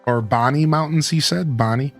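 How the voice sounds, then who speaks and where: A gruff old Scottish duck tycoon from a video game, put on by a man. He speaks in a hearty mock brogue with a slightly raised pitch. Faint music plays behind him. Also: normal speed, natural voice.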